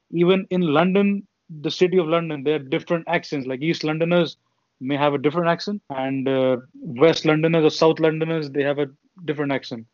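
A man's voice: on the high side, darkish tone, no room sound. A young man from India co-hosting a podcast, chatting casually with long, meandering explanations. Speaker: podcast co-host. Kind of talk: casual chat. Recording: dull lo-fi sound.

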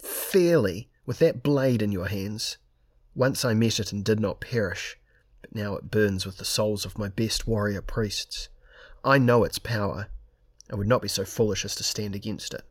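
A man's voice: on the low side, steady tone, moderate pace, close to an everyday voice. A man reading aloud and voicing an enraged, sneering male theocrat in an audiobook. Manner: sneering, bitter. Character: haughty male theocrat, seething with rage.

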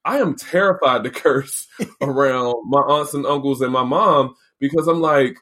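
A man co-hosting a podcast in casual chat, playful, with quick agreeing interjections. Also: mid-range voice, a bit bright. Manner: chatty, quick affirmations, playful. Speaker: podcast co-host.

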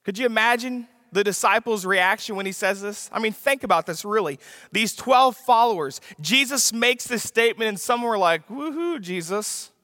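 A man's voice: high voice, moderate pace, sharp tone, clean studio sound. A man preaching a sermon with emphasis, repeating his key lines for the congregation to write down. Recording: long reverb of a large hall.

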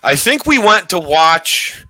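A man in his forties hosts a relaxed podcast, rambling through old memories with a friend. His voice is very bright and forceful and sits a little high. He laughs easily as he talks. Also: takes it slowly, no room sound. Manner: rambling, laughs while telling stories. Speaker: podcast host. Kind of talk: casual storytelling chat.

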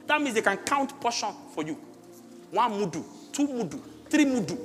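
High-voiced pastor preaching impassioned. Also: male voice, sing-song, brisk. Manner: impassioned preaching, swinging from shouts to quiet asides. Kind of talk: sermon. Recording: echoey hall with faint music.

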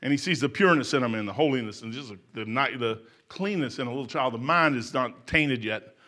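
An older man preaching a folksy sermon, laughing often and swinging from shouts to hushed asides. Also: mid-range voice, a little fast. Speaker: pastor. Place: church sanctuary.

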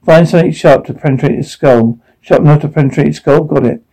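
A man reading out a drama's dialogue along with its sound cues, in one even voice. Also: a little high, quick pace, low-quality recording.

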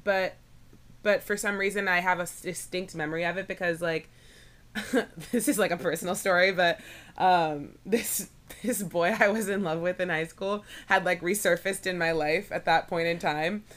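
A woman's voice: fairly low pitch, fairly even intonation, moderate pace, fairly bright tone. A woman in her twenties co-hosting a podcast, chatting casually with frequent fillers and giggles. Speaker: podcast co-host. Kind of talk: casual chat.

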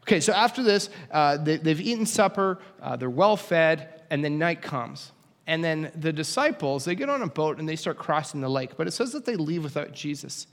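A man's voice: fairly high pitch, animated, moderate pace, a bit bright. A young man preaching a casual, conversational sermon with humorous asides. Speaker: pastor. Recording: long hall reverb.

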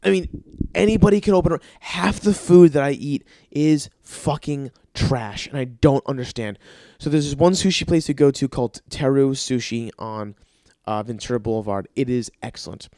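A man's voice: mid-range voice, moderate pace, mellow, no room sound, clean studio sound. A man hosting a podcast, telling rambling, profane stories in a casual monologue. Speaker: podcast host.

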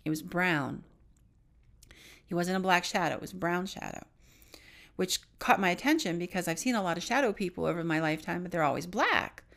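A middle-aged woman co-hosting a podcast, telling a personal story in an earnest manner that sometimes drops to a hush. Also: fairly low pitch, a little fast, gravelly. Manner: earnest, hushed drops into whispers at tense moments. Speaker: podcast co-host.

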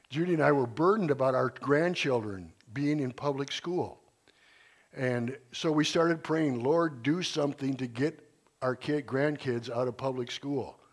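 An older man in his sixties speaks to his church congregation in a loose, earnest way, circling back and restarting his sentences as he goes. His voice sits at an ordinary middle pitch, and he sounds like a retired schoolteacher sharing his convictions. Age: 60s. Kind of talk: informal sermon talk.

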